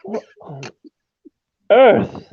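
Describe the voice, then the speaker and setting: A middle-aged man co-hosts a livestream, chatting casually, laughing often and reading chat comments out loud. He draws out his words, and the audio has phone-quality sound.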